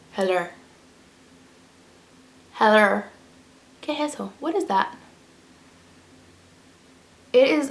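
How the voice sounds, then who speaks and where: A woman giving a casual, chatty product review with lots of fillers and emphatic repeats. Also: fairly high pitch. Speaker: beauty vlogger. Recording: roomy echo.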